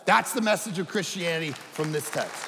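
A middle-aged man preaching a sermon as pastor, telling stories animatedly with shouted quotes. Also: on the high side, brisk, big-room sound, a faint crowd, slight background noise. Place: church auditorium.

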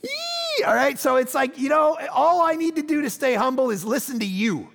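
A man preaching with a notably high voice edged with gravelly fry. He tells personal stories in an animated, punchy way, then drops low and quiet to drive a point home. His delivery feels like a pastor speaking to his congregation. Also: normal speed, slight background noise. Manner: animated, storytelling, swings between loud punchy lines and low quiet ones. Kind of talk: sermon.

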